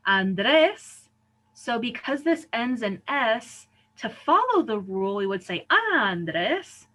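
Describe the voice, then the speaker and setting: A woman's voice: mid-range voice, sharp tone, low-quality recording. A woman teacher giving a recorded lesson, explaining patiently and often checking in with "right?" and "okay?". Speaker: Spanish teacher.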